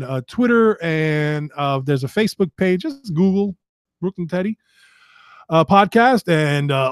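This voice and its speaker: A man's voice: on the high side, no room sound, studio quality. A middle-aged man, hosting his own podcast in casual, rambling, profane chat while he sets up a live stream. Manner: rambling and profane, muttering to himself. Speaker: podcast host.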